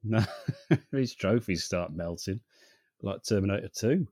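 A man's voice: fairly low pitch, animated, measured pace, mellow, dry recording, studio quality. A man co-hosting a podcast, chatting casually with sarcastic, sweary banter. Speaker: podcast co-host. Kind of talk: casual chat.

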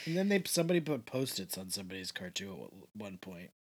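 Man co-host, jokey and animated, voice jumps around a lot while recapping. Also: sits low, breathy edge. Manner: animated, jokey, quick asides. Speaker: podcast co-host. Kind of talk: casual recap chat.

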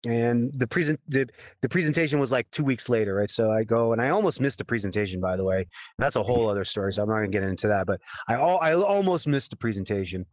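A man as a podcast guest, telling a long story with animated quoted dialogue. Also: mid-range voice, dry recording. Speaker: guest game developer.

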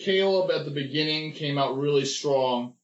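A man's voice: a little high, moderate pace. A man hosting a casual trivia game, playful and laughing as he reads questions and judges. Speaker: game show host. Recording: echoey room, dull sound with clear noise.

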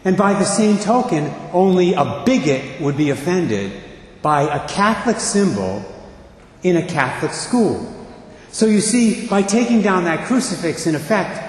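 A man voicing a calm, pointed young male college student in an earnest, reasoning manner. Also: sits high, a little slow, voice pushed up. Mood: indignant. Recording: echoey church with long reverb.

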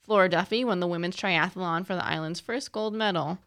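A woman's voice: fairly low pitch, a little fast, a bit bright, no echo, clean studio sound. A young woman hosting a casual chat, reading out news items in a light, chatty way.

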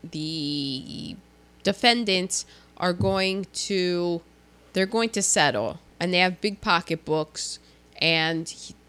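A woman chatting about a movie, animated and playful, acting out jokes and quotes. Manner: animated, acts out jokes with big pitch swings. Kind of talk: casual movie recap chat.

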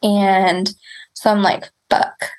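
A woman's voice: on the high side, unhurried, poor audio. A woman telling a story in casual chat, laughing often, swearing and rambling with lots of fillers.

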